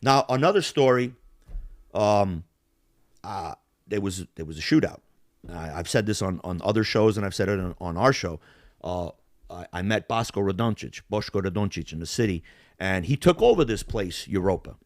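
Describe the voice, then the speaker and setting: A man's voice: deep voice, animated, normal speed. A man hosting a podcast, telling a casual, profane story and acting out the bar scenes as he goes. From Yugoslav family roots. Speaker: podcast host.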